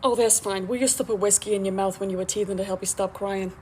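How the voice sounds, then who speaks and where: A woman's voice: medium pitch, steady tone, fast talker, a little mellow. Woman, comedy skit, dry teasing delivery, faint background hiss. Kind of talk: comedy skit, playing several characters.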